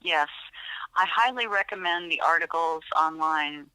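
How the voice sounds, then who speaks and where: A woman's voice: sits low, unhurried, bright, forceful tone, smooth, no room sound, low-quality recording. A woman animal behaviorist chatting as a podcast guest, telling stories with frequent fillers and restarts. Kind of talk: podcast interview.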